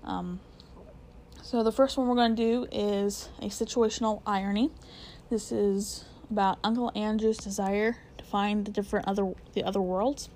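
A woman teacher walks through examples from a novel in a relaxed, conversational way. Her voice sits in a middle pitch, and she often restarts her sentences and fills pauses with small words as she thinks. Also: a little hiss or hum. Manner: conversational, many fillers and restarts. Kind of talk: literature lesson explaining a novel.

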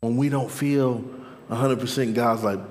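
A man preaching a sermon, calling out to the congregation with "Amen?" and dropping from loud cries to soft murmurs. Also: fairly even intonation, normal speed. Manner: call-and-response preaching, "Amen?" to the crowd; swings between soft murmurs and loud high shouts. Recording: long hall reverb.

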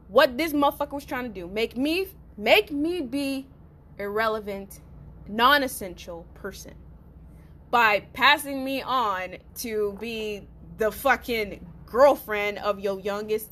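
A young woman hosting a podcast, telling a personal story in a blunt, profane, animated way with frequent laughs. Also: a little high. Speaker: podcast host. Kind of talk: storytelling monologue.

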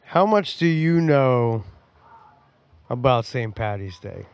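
A man's voice: medium pitch, animated, slow, clear, resonant tone, muffled recording. A man hosting a podcast in casual chat at home, rowdy and joking, swearing and laughing a lot. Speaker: podcast host.

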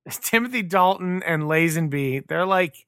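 A man's voice: a little high, expressive, unhurried, a bit bright, clean tone, no echo, clean studio sound. A man co-hosting a podcast in casual chat, offhand and stumbling through restarts. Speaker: podcast co-host.

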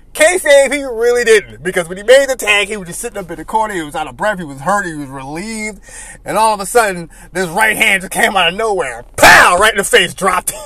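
A man hosting casual commentary and telling animated stories with frequent laughter. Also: high-pitched, no echo. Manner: animated storytelling, laughing often. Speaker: host.

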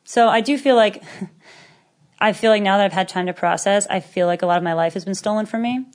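A woman in her thirties, a podcast guest in casual conversation, telling stories with lively acted-out quotes and frequent laughter. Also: medium pitch, brisk. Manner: animated storyteller who acts out quotes, laughing often.

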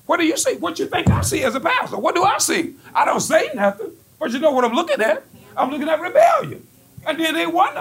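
Very high, gravelly preaching man. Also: huge pitch swings, fairly quick, soft background music. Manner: emphatic, repetitive, rising to shouts. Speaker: pastor. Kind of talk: fiery preaching sermon with congregation call-and-response.

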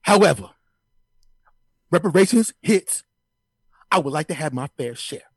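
A man doing an impression of a loud, preachy male sports pundit on a podcast. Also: a little high, expressive, unhurried, slightly rough, no room sound, studio quality, full character voice. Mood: ranting. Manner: emphatic, declaiming, indignant.

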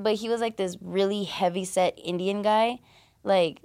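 This is a young woman speaking as a guest on a podcast, telling her own story. She talks bluntly and swears freely, and "like" runs all through her casual speech. Her voice sits at a middle pitch. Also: a little slow, darkish tone. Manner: blunt and profane, heavy use of "like". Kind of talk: candid personal storytelling.

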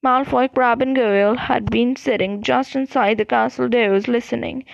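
High gravelly woman reading a book aloud. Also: fairly even intonation, moderate pace, hardly any pauses, no room sound, highs cut off. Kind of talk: audiobook read-aloud narration.

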